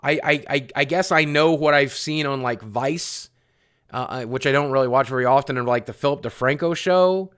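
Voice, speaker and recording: A young man streaming live answers his chat in a meandering, foul-mouthed rant, saying the same things over again. His mid-range voice is fairly bright and clean, at normal speed.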